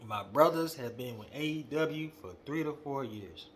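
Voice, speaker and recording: Young guy going off on a casual rant, slangy and fired up, bright voice, little bit of hiss behind. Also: medium pitch, moderate pace, few pauses. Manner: animated, slangy, calls out directly. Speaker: wrestling podcast host. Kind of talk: casual opinion monologue.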